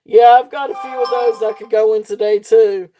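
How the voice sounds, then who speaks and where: Faint music plays behind a woman whose warm voice sits on the high side, steady in tone and at normal speed. She's chatting casually during a live-stream jewelry sale, laughing often and using many fillers and restarts.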